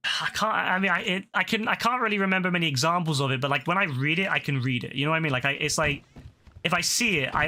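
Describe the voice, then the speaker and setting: Over a noisy background, a gaming streamer with a voice on the high side chats casually while he plays. He rambles along, cursing freely.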